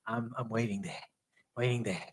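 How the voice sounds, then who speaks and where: A man's voice: lowish voice, moderate pace, husky. A pastor from Myanmar speaking English with a Burmese accent. He leads a Bible study as a chatty storyteller, acting out the dialogue of his own stories.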